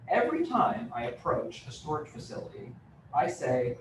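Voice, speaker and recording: A man's voice: on the high side, wildly swooping pitch, moderate pace. A man giving a live real estate training talk, conversational and joking, with many fillers. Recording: roomy, distant mic with room noise.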